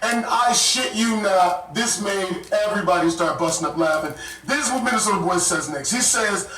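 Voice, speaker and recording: A man tells a story in an animated, profane rush, with a high voice. He sits back from the mic, so the sound carries the echo of the room. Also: moderate pace, few pauses, soft background music. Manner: animated, profane, laughs while telling. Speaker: YouTuber telling a story. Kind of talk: casual storytelling. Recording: echoey room, mic far off.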